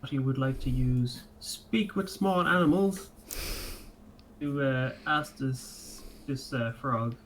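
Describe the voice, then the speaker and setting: Guy playing d&d, mid-pitched, blunt and jokey. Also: slow, slight background noise, low-quality recording. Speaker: player. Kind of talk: casual tabletop play.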